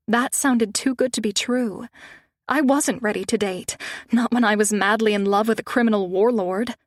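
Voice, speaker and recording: A woman reading a first-person romance audiobook in a measured, wistful way. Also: a little high, dry recording, studio quality. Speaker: audiobook narrator.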